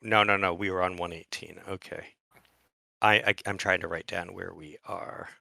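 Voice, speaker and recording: A man co-hosting a podcast in casual chat, talking slowly and deliberately with hesitant restarts. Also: low-pitched, steady tone, vocal fry, sharp tone, no room sound, studio quality. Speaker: podcast co-host.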